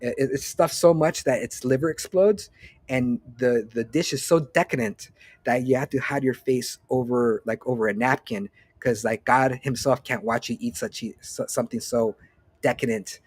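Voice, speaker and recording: A man's voice: medium pitch, moderate pace, breathy edge, no room sound. A man around forty hosting a casual solo podcast update, rambling, swearing freely and often breaking off mid-sentence. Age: late 30s to early 40s. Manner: rambling, profane, self-interrupting. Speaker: podcast host.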